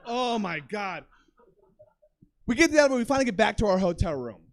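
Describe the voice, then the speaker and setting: Young male stand-up, very high and lively voice, animated profane storytelling on a club stage mic. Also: very fast. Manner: animated, profane storytelling, bursts into shouted impressions. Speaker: stand-up comedian. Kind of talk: stand-up comedy set.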